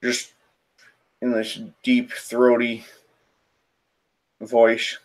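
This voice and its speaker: A man narrating as game master of a tabletop role-playing game, in a halting way with fillers. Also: mid-range voice, completely flat delivery.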